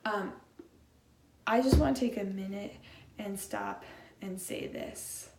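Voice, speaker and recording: A woman's voice: medium pitch, a little slow, creaky, long pauses, darkish tone. A young adult woman preaching a casual, chatty sermon to a congregation, emphatic and slangy. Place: large room with a congregation. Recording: roomy echo, faint room noise.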